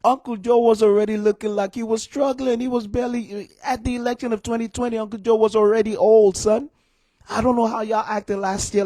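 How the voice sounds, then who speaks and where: A man's voice: high voice, little pitch movement, a little fast, warm tone, no room sound. A young man giving a heated, exasperated live stream rant to his viewers, repeating himself and calling them "y'all". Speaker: political commentator streaming live.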